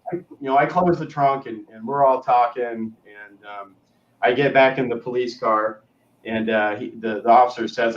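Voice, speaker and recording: A man's voice: mid-range voice, moderate pace. Male co-host, rambling storyteller, muffled lo-fi audio, off-mic. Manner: rambling, trailing off to a murmur. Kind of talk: casual storytelling. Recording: roomy, distant, dull lo-fi sound.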